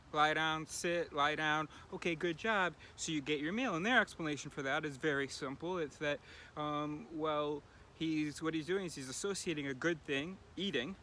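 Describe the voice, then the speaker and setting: A man's voice: fairly high pitch, fairly bright tone, slight background noise. A man recording a casual daily video diary, rambling and thinking aloud with lots of fillers. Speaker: vlogger.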